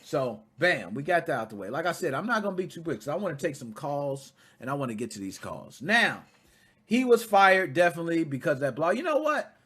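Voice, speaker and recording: Animated, high-voiced male podcast host. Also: a little fast, husky. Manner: animated, swings from quiet asides to loud outbursts, swears freely. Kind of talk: casual commentary podcast.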